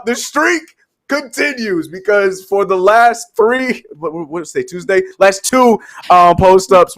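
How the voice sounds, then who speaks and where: A man co-hosting a live sports talk show with a slightly high voice, casual and lively. He recaps clips and often mimics the people in them. The sound is dry and close, with almost no room echo.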